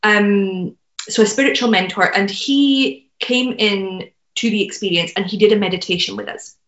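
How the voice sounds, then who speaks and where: Speaking at a moderate pace in a medium-pitched, fairly bright voice, a woman who mentors businesses tells a heartfelt personal story as a podcast guest. She's earnest and uses plenty of fillers, and the audio is roomy, dull and lo-fi.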